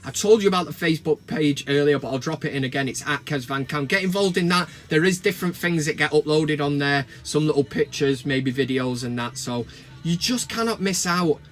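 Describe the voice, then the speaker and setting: A middle-aged man from England with a Mancunian accent, ranting and joking to camera from his van, bursting into mock shouts. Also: fairly high pitch. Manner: swears and mock-shouts in outbursts. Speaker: vlogger. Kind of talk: casual comedic rant to camera. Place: parked van cab.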